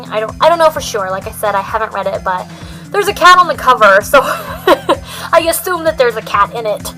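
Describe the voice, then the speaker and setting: In a low-quality recording, a woman with a mid-range voice chats through a book tag video as a book vlogger. She rambles in a put-on, jokey mixed accent and mocks herself.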